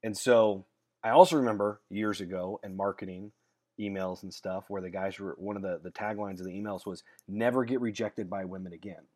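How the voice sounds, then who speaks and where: A man's voice: deep voice, fairly even intonation, a little fast, a little mellow. A man who works as a dating coach, talking casually to his viewers. He is blunt and straight-talking, and he rambles through his stories and restarts his sentences with repeated words. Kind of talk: casual monologue to camera.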